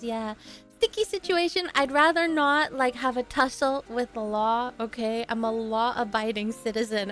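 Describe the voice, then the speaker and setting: A young woman from Canada, streaming and chatting casually with viewers, telling stories in an animated way with frequent laughs. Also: high-pitched. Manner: animated storytelling, acts out quotes, laughs often. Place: home streaming setup.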